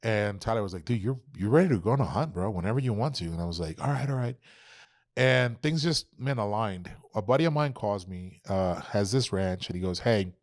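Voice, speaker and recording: A man in his thirties telling hunting stories on a podcast, animated and profane, acting out what people said. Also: lowish voice, brisk, few pauses, no echo, clean studio sound. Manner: animated, profane, acts out quotes. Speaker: podcast guest. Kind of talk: casual storytelling.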